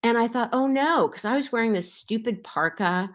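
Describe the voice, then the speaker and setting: A woman's voice: a little high, moderate pace. A rambling, chatty middle-aged woman. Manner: warm, rambling storyteller with many fillers and restarts. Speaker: actress guest. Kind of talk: casual interview anecdotes.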